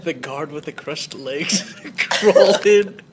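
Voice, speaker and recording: A man's voice: fairly high pitch, takes it slowly. A man narrating his character's actions in a tabletop role-play, loose and laughing. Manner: lively, laughing, frequent fillers. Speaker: tabletop game player. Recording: noisy home recording.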